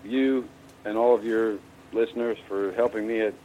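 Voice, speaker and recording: A man calling in to a radio show who answers in a dry, sarcastic, deadpan way, heard over a quiet phone line. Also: lowish voice, moderate pace, a little hiss or hum. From Indiana, USA. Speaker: caller.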